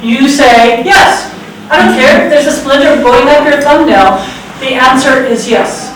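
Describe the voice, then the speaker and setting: Speaking at a moderate pace in a high-pitched voice, this American woman in her sixties shares a true story live on stage. Her humor is wry, sarcastic and self-mocking, and the sound is distant and very echoey, with background noise in the hall.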